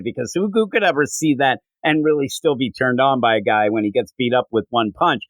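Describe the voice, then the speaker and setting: A man co-hosting a podcast, excitedly recapping a comic book scene in casual chat. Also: mid-range voice, fairly quick, hardly any pauses, no room sound, poor audio. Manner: excited, animated recapping with quoted lines. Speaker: podcast co-host.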